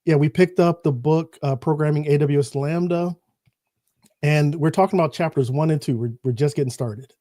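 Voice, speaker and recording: A man co-hosts a casual live-streamed chat about a tech book, his nose stuffed up as he talks. He is playful and slangy and laughs easily, in a slightly high voice. The sound is dry and close, with no room around it. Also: moderate pace, warm tone, dry recording. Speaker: co-host of a tech book podcast.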